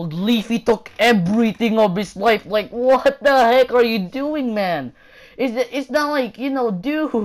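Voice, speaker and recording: A woman ranting in a casual vlog, rambling and exasperated, packed with fillers and repetition. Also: medium pitch. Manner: exasperated, mocking. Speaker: YouTuber.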